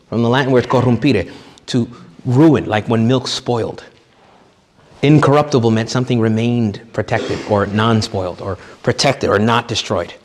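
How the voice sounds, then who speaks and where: Joking priest in an echoing hall. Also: male voice, medium pitch. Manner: conversational, joking, acts out quoted people. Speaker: priest giving a retreat talk. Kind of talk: retreat sermon.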